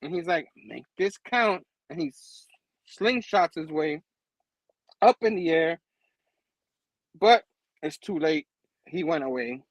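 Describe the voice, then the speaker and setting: High-voiced man excitedly recapping a comic. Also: unhurried, pauses often, no room sound, highs cut off. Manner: animated, laughs often, keeps asking "you know what I mean". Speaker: host. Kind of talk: casual comic book recap.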